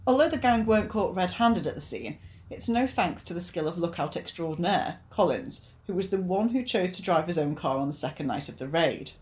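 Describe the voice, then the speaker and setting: A woman's voice: lowish voice, expressive, darkish tone. A woman co-hosting a casual true-crime podcast, reading out case details and teasing her co-host. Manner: chatty, quick to tease.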